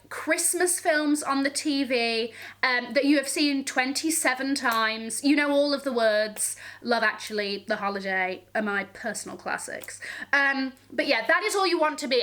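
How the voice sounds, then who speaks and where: High, bright, sassy woman. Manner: sassy and gushing, heavy slang, keeps checking in with "okay?". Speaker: fashion vlogger. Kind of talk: casual to-camera fashion chat.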